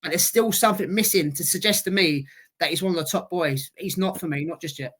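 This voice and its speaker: A man co-hosting a casual boxing podcast, chatty and halting, often repeating words as he talks. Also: on the high side, fairly bright tone. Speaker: podcast co-host.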